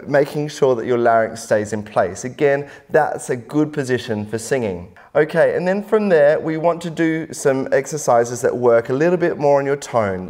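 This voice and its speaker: A man working as a vocal coach, calmly explaining and demonstrating a singing warm-up in an instructional lesson. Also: medium pitch. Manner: calm, encouraging explanations with sung demonstrations.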